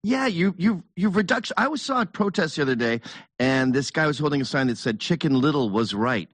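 Blunt, emphatic man with lively pitch. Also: fairly quick, no echo. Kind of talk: casual political chat.

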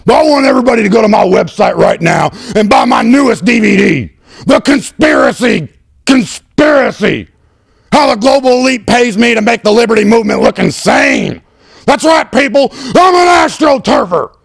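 A screaming radio host parody, super high and gravelly, hammy and crude, faint music behind. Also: male voice, animated, normal speed, exaggerated voice. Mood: ranting. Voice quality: gravelly, raspy shouting. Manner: bellowing, hammy, over-the-top. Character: ranting loudmouth male radio host parody, crude and boastful. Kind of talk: comedic sketch acting.

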